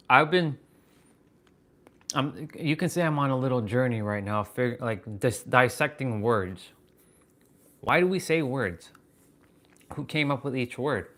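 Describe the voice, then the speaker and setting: Halting, marveling man thinking aloud. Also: medium pitch. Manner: wondering aloud, halting, excited swearing. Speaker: fitness and wisdom livestream host. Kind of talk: live stream musing.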